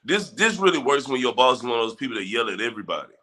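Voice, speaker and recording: A man's voice: mid-range voice, big pitch swings, racing, pushed and bright. Laid-back man hosting a livestream. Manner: laid-back, talks straight to chat viewers. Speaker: livestream host. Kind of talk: casual livestream chat.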